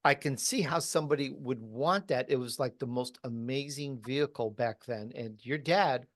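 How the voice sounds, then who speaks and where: A man's voice: medium pitch, moderate pace, a bit bright, dry recording. Man hosting a podcast, dry sound. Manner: conversational, uses fillers like "like". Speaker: podcast host. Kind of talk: casual interview chat.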